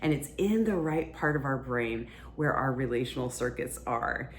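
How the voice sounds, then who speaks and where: A woman's voice: extremely low pitch, expressive, normal speed, a little hiss or hum. A woman hosting a podcast, explaining relationship ideas in a casual, conversational teaching style. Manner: conversational, explains plainly with fillers.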